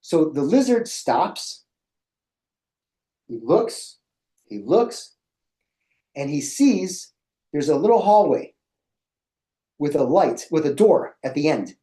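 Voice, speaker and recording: A middle-aged man tells a lively story to a room of educators, acting out his own reactions. His voice is mellow and warm, and his pitch rises and falls a lot. The sound bounces around an echoey room. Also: slow pace, pauses often. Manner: animated, acts out his own past reactions. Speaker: presenter for educators. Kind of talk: storytelling in a presentation.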